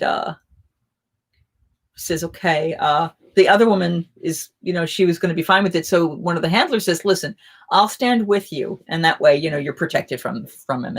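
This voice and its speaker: Brief: chatty woman host, lower pitch, animated rambling storyteller. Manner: rambling, animated anecdote telling. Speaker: live chat host. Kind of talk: casual storytelling chat.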